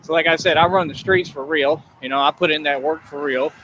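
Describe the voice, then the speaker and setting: A high, bright-voiced man brags and rambles to his viewers on a live stream. The sound is dull and lo-fi, with faint street noise behind him. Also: fairly even intonation, fairly quick. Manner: swaggering, rambling. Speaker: livestreamer. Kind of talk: boastful live-stream chat.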